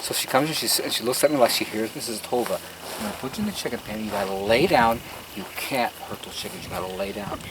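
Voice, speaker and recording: A man giving an outdoor tour of his garden, telling stories in an earnest, emphatic way with preacher-like asides. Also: medium pitch. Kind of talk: casual storytelling while giving a tour. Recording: outdoor noise on a field recording.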